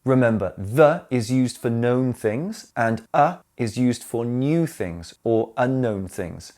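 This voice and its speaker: A man narrating a scripted English grammar lesson, explaining slowly and clearly and speaking his examples aloud. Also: mid-range voice, lively intonation, darkish tone. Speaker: English teacher.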